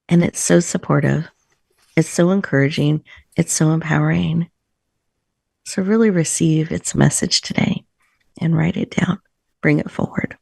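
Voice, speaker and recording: A woman hosting a video-call show, leading a slow, soothing guided breathing meditation. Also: deep voice, creaky, dry recording, studio quality. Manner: soft, slow, soothing guidance. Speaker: host. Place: virtual room, video call.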